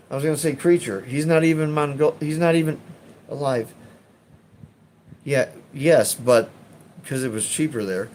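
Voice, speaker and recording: A man's voice: fairly high pitch, moderate pace, long pauses, a little mellow, a little hiss or hum. A man with a Chicago accent, chatting casually on a live stream and reading comments in a rambling, profane way with frequent laughs. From Chicago, USA.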